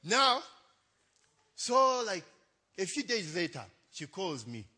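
Young adult male pastor, lively pitch, higher voice, chatty storyteller. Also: slow pace, breathy edge. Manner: chatty, laughing, tags lines with "eh?". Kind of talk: storytelling sermon.

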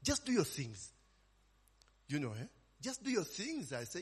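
Male preacher, husky, chatty, peppers his lines with "eh?" and "amen?", long reverb. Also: fairly high pitch, wildly swooping pitch, moderate pace, long pauses. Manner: conversational, frequent "eh?" and "amen?" tags, call-and-response questions. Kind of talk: informal sermon.

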